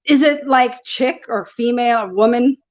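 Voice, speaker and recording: A woman's voice: on the high side, moderate pace. An American woman who is a guest on a podcast, chatting in a bubbly way, laughing easily as she guesses aloud. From United States. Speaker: guest, wrestling referee. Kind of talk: casual interview chat.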